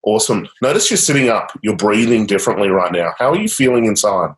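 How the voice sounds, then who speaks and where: A man's voice: fairly low pitch, lively intonation, quick pace. A man guiding a client through a coaching session, upbeat and encouraging, with casual fillers. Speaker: change coach. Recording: roomy echo.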